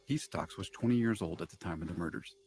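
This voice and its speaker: A man narrating a true-crime documentary in a measured, even way. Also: sits low.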